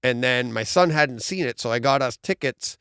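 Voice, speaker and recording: A man's voice: medium pitch, moderate pace, fairly bright tone, smooth, dry recording, studio quality. A middle-aged man with a Boston accent, hosting a podcast in rambling casual chat and laughing often. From Massachusetts. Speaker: podcast host.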